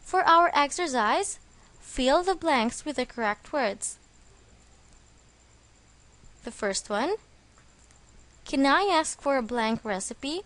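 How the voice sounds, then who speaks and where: A woman delivers a scripted English vocabulary lesson in a measured, unhurried way. Her voice sits a little high, and she leans on each stressed syllable as she explains. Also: animated, fairly bright tone. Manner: slow, careful, stressing syllables. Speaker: English teacher.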